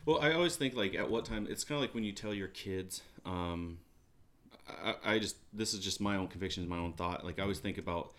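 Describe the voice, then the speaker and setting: A man's voice: low voice, fairly quick, fairly bright tone. A man co-hosting a casual faith podcast, talking earnestly and rambling with many restarts. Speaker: podcast co-host.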